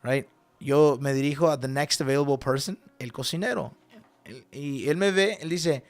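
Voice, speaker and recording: A middle-aged man telling a story casually as a radio host, animated and acting out the people he quotes. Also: mid-range voice, a little fast. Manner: animated, acts out quoted voices, switches between English and Spanish.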